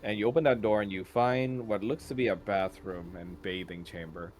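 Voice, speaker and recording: Low-voiced dungeon master narrating. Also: male voice, fairly even intonation, moderate pace, darkish tone. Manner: casual, descriptive. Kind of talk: narrating a tabletop game.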